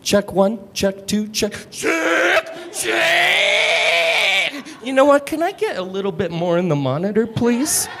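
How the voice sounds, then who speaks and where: Heavy metal singer shrieking, man putting it on, high and loud, noisy room. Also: animated, moderate pace, few pauses. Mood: screaming. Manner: screamed high-pitched bursts. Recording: live stage mic with room noise.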